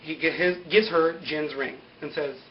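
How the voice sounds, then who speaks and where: A young man with a slightly high voice rattles through a TV episode recap, loose and chatty, packing in "like" and "you know" and laughing at his own jokes. The sound is dull and lo-fi, like a home video setup. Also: fairly even intonation, normal speed, slight background noise. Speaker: TV recap vlogger. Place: indoor greenscreen video setup.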